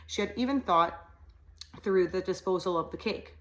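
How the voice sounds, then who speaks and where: A woman reads a novel aloud in a steady, plain way. Her voice sits slightly low, and she now and then trips over a word before going on. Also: brisk, low-quality recording. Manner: steady reading with small slips. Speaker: audiobook reader.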